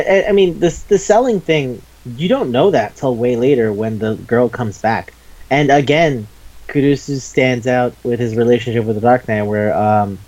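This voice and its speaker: A man chatting casually as a podcast host, retelling a manga story in an animated, profane way, acting out the characters' lines and laughing often. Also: medium pitch, dull audio.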